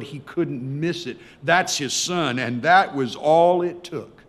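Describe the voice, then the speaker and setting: A male preacher telling a story in a sermon, swinging between loud emphasis and hushed tones. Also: medium pitch.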